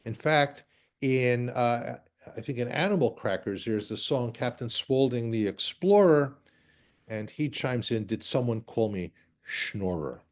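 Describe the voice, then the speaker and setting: Wry rabbi giving a lecture. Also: male voice, mid-range voice, unhurried. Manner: wry, conversational, with asides. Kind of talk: lecture with slides.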